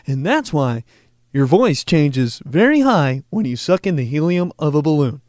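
A man doing an impression of an excitable TV science-show host who keeps stumbling over his words. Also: fairly high pitch, moderate pace, no echo, clean studio sound. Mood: flustered. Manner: stumbling over repeated "well, with the".

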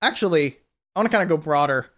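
A man's voice: fairly high pitch, expressive, quick pace, fairly bright tone. A man co-hosting a podcast in casual chat, hesitant, filling his talk with "like" and restarts. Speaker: podcast co-host.

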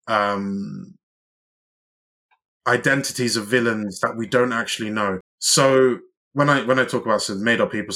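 A man's voice: fairly low pitch, sharp tone. A man co-hosting a casual TV review chat, rambling with many restarts and fillers. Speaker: podcast co-host.

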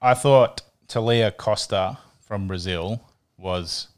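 A man's voice: fairly low pitch, slow pace, smooth. A man co-hosting a sports podcast, chatting casually and often repeating words as he thinks. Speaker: podcast co-host.

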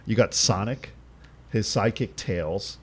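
A man's voice: fairly low pitch, a little slow, a bit bright. A man co-hosting a podcast, telling rambling stories in casual chat and swearing freely. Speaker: podcast co-host.

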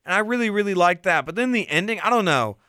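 Lively bright-voiced young man. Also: high voice, fast, clear, resonant tone, no echo, studio quality. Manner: animated, puts on voices when retelling scenes. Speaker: podcast co-host. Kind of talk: casual movie discussion.

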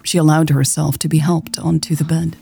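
A woman narrating a romance story in a calm, even storytelling voice. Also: sits low, brisk, gravelly, breathy edge. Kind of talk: scripted audiobook narration.

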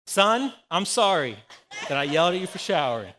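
A man's voice: high-pitched, normal speed, big-room sound, slight background noise. A man in his forties, a pastor giving a conversational sermon full of personal anecdotes. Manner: conversational, anecdotal, animated storytelling.

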